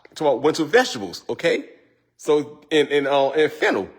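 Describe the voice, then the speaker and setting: A man's voice: on the high side, sing-song, brisk. Man hosting cooking stream, chatty, joking, laughs often, calls everyone y'all. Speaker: cooking show host. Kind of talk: casual livestream chat.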